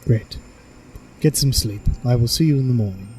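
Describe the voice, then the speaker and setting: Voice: mid-range voice, moderate pace, darkish tone, faint music behind, pitched below the performer's own voice, close to an everyday voice. Fields: Figure: remorseful ex-commander, played by a man. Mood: solemn. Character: remorseful former army commander turning on a parent.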